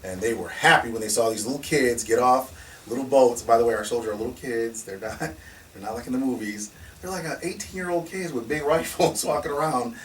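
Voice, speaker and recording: A man telling stories in a casual conversation as the founder of a security company, animated and laughing, often restarting and acting out what people said. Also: mid-range voice, brisk. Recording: distant mic with faint noise.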